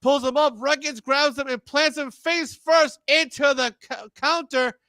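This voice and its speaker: A man with a very high, bright voice calls a wrestling match in rapid, rambling play-by-play and keeps stumbling over his words. The sound is dry and close. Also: steady tone, no echo. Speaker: wrestling commentator. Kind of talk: excited play-by-play commentary.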